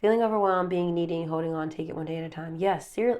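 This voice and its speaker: A woman's voice: lowish voice, quick pace, a little mellow. A woman giving a casual tarot reading to camera from her room at home, chatty and rambling, calling her viewers babe and baby. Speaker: tarot reader.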